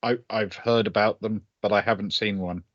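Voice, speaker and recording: Brief: man voicing a naive young woman, blunt short lines, lowish voice, dull dry recording. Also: moderate pace, dry recording, close to an everyday voice. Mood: plain. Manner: short, simple, flat statements. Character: sheltered young woman, plain and curious.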